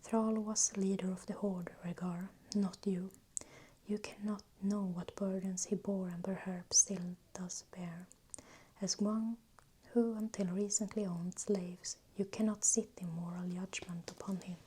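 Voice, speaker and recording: A woman gently voicing a stern but fair male elder shaman in whispered role-play. He weighs every word diplomatically, in a warm, mellow whisper with a faint hiss behind. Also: medium pitch, fairly even intonation, close to an everyday voice. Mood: reproving. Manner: measured, diplomatic.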